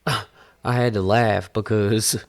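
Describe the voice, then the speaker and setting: Gravelly forty-something man vlogging. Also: on the low side, fairly even intonation, takes it slowly, dry recording. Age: 40s. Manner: emphatic, repetitive, preachy street talk. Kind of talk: casual talk to camera.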